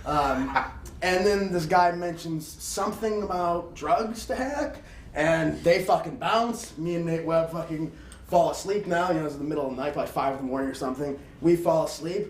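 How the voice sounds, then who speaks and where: A man's voice: fairly high pitch, moderate pace, recorded from a distance. A man telling a story as an interview guest in a profane, rambling, laughing way. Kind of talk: casual storytelling. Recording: roomy, off-mic, faint room hiss.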